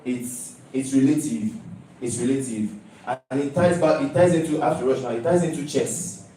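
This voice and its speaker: Speaking at normal speed with a medium-pitched, mellow voice, a young man from Nigeria explains his student project. Emphatic and repetitive, he regularly checks in by asking "do you understand?" The distant recording from a big lecture hall is very echoey, with a little hiss or hum.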